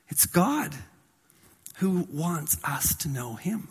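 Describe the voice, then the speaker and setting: A man preaching a sermon as pastor, swinging from loud to soft and slowing down on key phrases. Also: on the high side, lively intonation, husky, long reverb tail.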